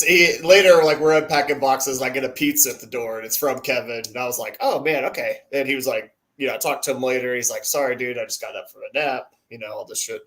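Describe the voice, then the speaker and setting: Give me a man with an average-pitched voice, co-hosting and telling a funny story, laughing as he goes. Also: fairly bright tone. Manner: laughing storyteller, acts out quotes. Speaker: co-host. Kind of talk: casual chat.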